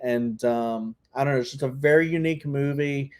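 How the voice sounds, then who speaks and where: A man's voice: medium pitch, moderate pace. Rambling man with lots of filler words. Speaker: podcast co-host. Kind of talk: casual chat.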